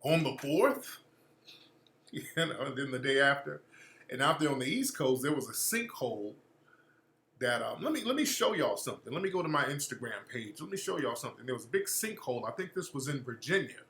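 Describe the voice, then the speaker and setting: A man's voice: mid-range voice, lively intonation, fairly quick, a bit bright, reverberant. A man hosting a casual talk radio show, ranting loosely and mockingly with frequent profanity.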